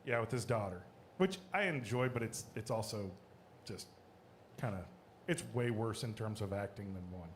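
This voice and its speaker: A man's voice: fairly low pitch, normal speed, slight background noise. A man co-hosting a podcast, chatting casually and eagerly about movies. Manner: animated, enthusiastic about movies. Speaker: podcast co-host. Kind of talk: casual chat.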